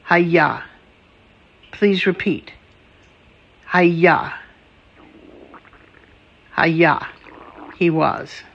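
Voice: mid-range voice, gravelly, lo-fi sound. A language teacher running a patient vocabulary drill, saying each word and asking the listener to repeat it.

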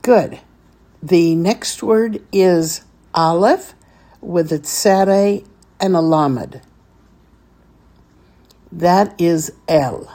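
A woman's voice: lowish voice, very slow, dark tone. A woman teaching a beginners' Hebrew reading lesson, patiently sounding out each syllable step by step.

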